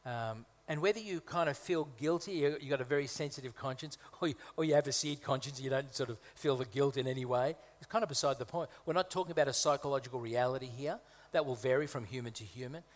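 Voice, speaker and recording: A man's voice: medium pitch, fast, few pauses. A man from Malta, a guest preacher, delivering a conversational sermon with humorous asides and emphatic repetition. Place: church hall. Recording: reverberant hall.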